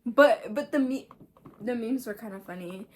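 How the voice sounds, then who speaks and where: A woman hosting a casual news commentary video, chatty and animated, with laughing asides and the odd swear. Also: fairly high pitch, normal speed, slight background noise. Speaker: host.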